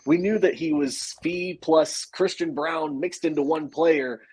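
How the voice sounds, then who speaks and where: A man from the co-hosts a sports podcast with a husky, slightly rough voice. He talks eagerly and laughs easily, with a few fillers along the way. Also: on the high side, steady tone, measured pace, darkish tone, poor audio. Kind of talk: casual sports podcast chat.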